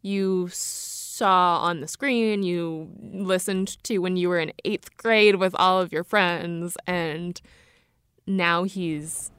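Woman interviewer, smooth clear voice, dry close sound, engaged. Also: lowish voice, fairly even intonation, slow, fairly bright tone, no room sound. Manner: engaged, laughs often. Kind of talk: conversational interview.

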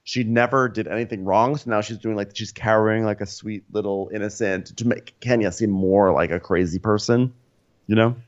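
A man's voice: lowish voice, fairly even intonation, normal speed, dull audio. A man co-hosting a comic podcast, goofily recapping a TV episode and playing the scenes in voices. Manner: goofy, plays the scenes in voices. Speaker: podcast co-host.

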